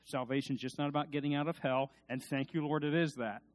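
A man preaching a sermon in a conversational way, swinging from quiet asides to loud, emphatic peaks, with restarts and repeated words. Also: a little high, steady tone, fairly quick.

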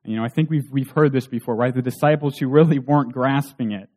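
A man's voice: medium pitch, fast talker, a little mellow. A man preaching a sermon in an earnest way, asking rhetorical questions.

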